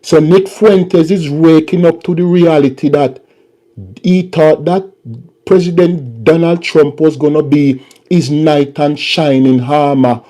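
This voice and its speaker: A man's voice: on the high side, fairly even intonation, a little slow, warm tone. A man hosting a political commentary vlog and ranting in a mocking, repetitive way.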